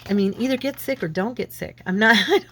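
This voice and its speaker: A woman's voice: a little high, fast talker, pushed and bright, a little hiss or hum. A woman with a lingering head cold, chatting casually and rambling as she works on a craft project. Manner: chatty, rambling, self-deprecating. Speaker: craft channel host.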